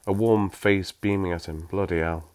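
Deep-voiced man reading a story. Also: steady tone, moderate pace, a little mellow, clear, resonant tone. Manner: wry, self-mocking asides. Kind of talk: reading a story aloud with asides.

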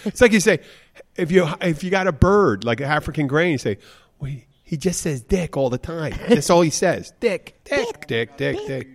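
A man's voice: fairly high pitch, expressive, normal speed. A man co-hosting a podcast, telling rambling stories and laughing at his own jokes in casual chat. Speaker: podcast co-host.

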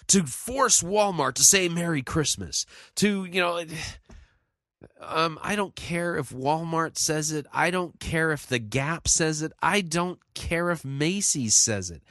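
A man's voice: fairly high pitch, fairly bright tone, no echo, studio quality. A man giving casual solo commentary, rambling and sighing, full of fillers and restarts, with single words punched for emphasis. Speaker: podcast commentator.

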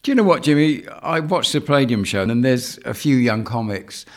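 An older man leads a relaxed conversation and keeps laughing as he goes. He brings up old shows and shared memories to draw out stories. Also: mid-range voice, brisk. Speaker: interviewer. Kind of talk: casual chat.

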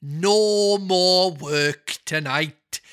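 A narrator voicing a fat, jovial old merchant with a Welsh accent, booming and drawn out. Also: extremely slow, fairly bright tone, clean tone. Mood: jolly.

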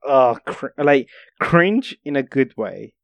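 A man's voice: mid-range voice, animated, slow, vocal fry, no echo. A young man with a mid-range voice co-hosts a casual film chat. He rambles and hesitates with many fillers, and the sound is dry and close. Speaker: podcast co-host.

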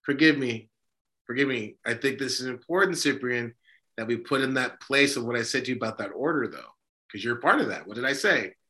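A man's voice: medium pitch, expressive, a little fast, sharp tone. A man, an Orthodox priest, talking emphatically in a casual religious discussion, full of fillers and restarts. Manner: emphatic, preachy, self-interrupting with many fillers. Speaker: Orthodox priest and podcast host.

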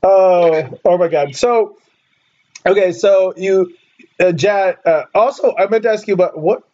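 A man's voice: sits high, a little slow, dark tone, highs cut off. A man from California hosting a podcast, chatty and teasing, laughing often and restarting his sentences. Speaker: podcast host. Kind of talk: casual chat.

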